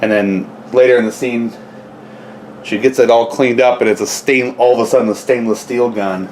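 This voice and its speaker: A man's voice: mid-range voice, fairly even intonation, moderate pace, a little mellow, slight background noise. A man talking casually through a home how-to vlog, rambling into chatty asides as he works in his kitchen. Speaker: gun owner vlogger.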